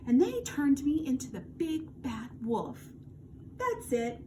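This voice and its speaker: A woman's voice: high voice, very animated, slow, warm tone, heavily acted. Storybook wolf, sly and aggrieved, voiced by a woman reader, faint room noise behind. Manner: aggrieved, self-justifying. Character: sly male wolf insisting he was framed. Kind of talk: storybook read-aloud. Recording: distant mic, faint background noise.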